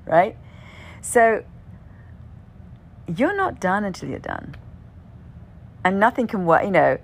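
A woman's voice: mid-range voice, sing-song, brisk, long pauses, a little hiss or hum. A woman telling a personal story in a casual way. She often asks "right?", swears now and then, and sometimes drops to a whisper at the end of a phrase.

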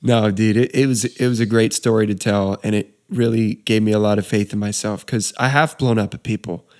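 A man's voice: lowish voice, fairly even intonation, brisk, darkish tone. Laid-back young man telling a story. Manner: laid-back, says dude and you know a lot. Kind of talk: casual storytelling chat.

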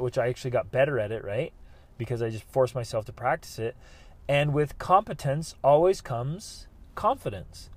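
A man hosting a podcast, telling his own stories in an earnest, animated way with frequent restarts. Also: medium pitch. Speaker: podcast host. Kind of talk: motivational podcast monologue.

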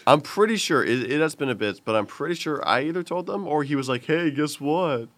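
A young American man, a podcast co-host, telling stories in casual chat with halting restarts. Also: on the high side, animated, fairly bright tone, no echo. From United States. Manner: rambling storyteller with halting restarts.

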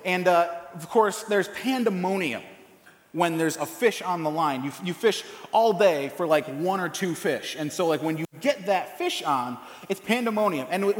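A man with a slightly raised pitch preaches in a loose, conversational way, full of "uh"s, "like"s and restarts. His voice rings through a large echoey church hall with a long reverb tail. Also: fairly bright tone. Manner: casual, rambling storytelling with many fillers and restarts. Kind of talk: sermon with a personal story.

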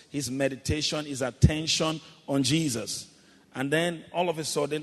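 A man preaching a sermon, calling the congregation to repeat his words and building to loud, shouted exclamations. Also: fairly high pitch. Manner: calls congregation to repeat after him, rising to shouts. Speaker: pastor. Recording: long hall reverb.

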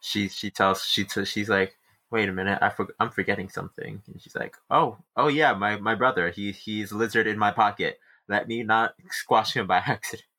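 A man co-hosting a casual book-club podcast, animatedly retelling chapters with quick restarts. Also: on the low side, little pitch movement, pushed and bright. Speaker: podcast co-host.

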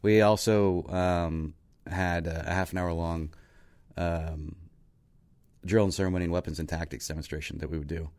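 An American man with a very low voice, telling stories in a loose, playful way. He jokes around and fills his talk with ums and restarts. He sounds like a co-host on a relaxed chat show. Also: normal speed. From United States. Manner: joking, playful, rambling with fillers. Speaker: podcast co-host, army veteran. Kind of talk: casual chat, storytelling.

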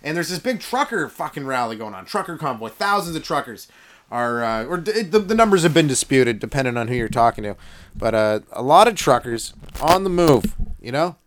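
A hoarse young man hosts his own comedy podcast, rambling through jokes with a lively voice that swings high and low. His pitch sits a little above most men's, and he keeps stumbling into restarts. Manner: jokey, animated, lots of fillers and restarts. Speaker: podcast host and stand-up comedian. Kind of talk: casual rambling comedy monologue. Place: yurt on a rural property.

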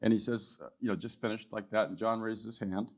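An older man speaking as a guest at a church, telling a testimony story in a loose conversational way, often tagging his lines with "right?" and clearing his throat. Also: lowish voice, fairly even intonation, brisk, fairly bright tone. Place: church hall, live event.

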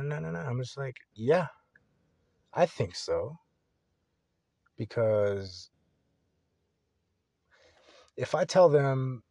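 A young man talking on his own podcast in a loose, rambling way, full of swearing and restarts. His voice sits in a middle register. The sound is dry and close, with no room echo. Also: medium pitch. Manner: rambling, profane, candid. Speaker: podcast host. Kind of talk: casual solo podcast monologue.

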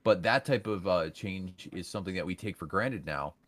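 A man's voice: low voice, lively intonation, normal speed, fairly bright tone. A man in a casual podcast chat, talking with lots of fillers and restarts. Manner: filler-heavy, many restarts.

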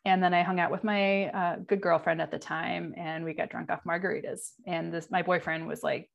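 Guest: forties woman, low gravelly voice, candid, halting delivery. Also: little pitch movement, lo-fi sound. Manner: candid, halting, many fillers. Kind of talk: personal interview.

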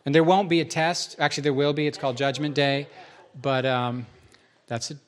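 At a normal speed and level tone, a male pastor with a somewhat high voice moves through the numbered points of his sermon. Along the way he echoes key phrases for emphasis and cracks jokes at his own expense.

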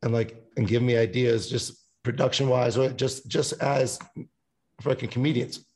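A man's voice: mid-range voice, steady tone, normal speed, a little mellow. A man, a musician guest on a casual podcast, rambling and swearing freely as he talks about songwriting. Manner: rambling, swears a lot, sings snippets.

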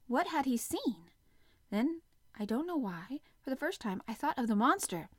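A woman reads a classic adventure novel aloud in the first person, with an expressive, dramatic delivery. Her voice sits slightly high. The recording is dry and close, with no room sound. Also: normal speed, dry recording. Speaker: audiobook narrator.

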